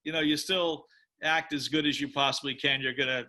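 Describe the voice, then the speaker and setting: Middle-aged american guy, musician, telling stories in an interview, really bright forceful voice, a bit high, gets animated. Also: a little fast. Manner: animated storyteller, acts out quoted voices. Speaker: musician and drummer. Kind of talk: storytelling interview.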